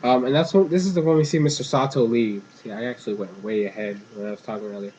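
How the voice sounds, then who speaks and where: A man's voice: medium pitch, quick pace, darkish tone, a little hiss or hum. A young man giving a casual, meandering spoken recap of a cartoon episode as a reviewer. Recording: dull lo-fi home recording.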